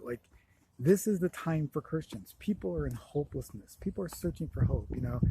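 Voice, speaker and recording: Guy on a worked-up rant, emphatic and repeating himself, faint hiss behind, mid pitch. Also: a little mellow, rough recording. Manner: indignant, emphatic, repetitive. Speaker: vlogger. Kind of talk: ranting monologue.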